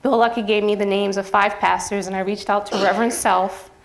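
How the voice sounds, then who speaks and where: Brief: female professor presenting to an audience, earnest and a bit nervous, mid-pitched voice. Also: steady tone, brisk. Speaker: journalism professor presenting her project. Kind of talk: public presentation. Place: campus event venue.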